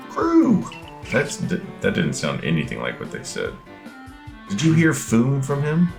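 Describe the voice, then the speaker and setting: Brief: deep-voiced, gravelly man casually joking through a video game, game music loud behind him. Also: huge pitch swings, normal speed. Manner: joking, swears, reacts aloud as he plays. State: coughing after playing basketball. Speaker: gamer playing a video game. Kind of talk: casual let's-play chat.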